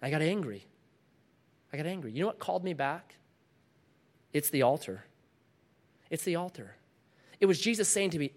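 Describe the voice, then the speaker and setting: A middle-aged man preaching a sermon to a congregation, dramatic, dropping to a hush and then rising loud again. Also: on the high side, big pitch swings, normal speed, pauses often. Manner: dramatic, swings from loud to hushed. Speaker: pastor.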